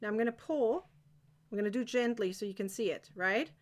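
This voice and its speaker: A woman's voice: a little high, brisk. A woman teaching a live crochet-along, chatty and encouraging, often checking that viewers are following.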